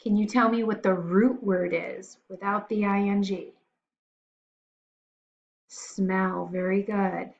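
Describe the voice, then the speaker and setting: A woman teacher walks young children through their spelling words, sounding out each one letter by letter in a patient, encouraging way. She speaks at an unhurried pace, and the recording has a dull, lo-fi sound. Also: mid-range voice, gravelly.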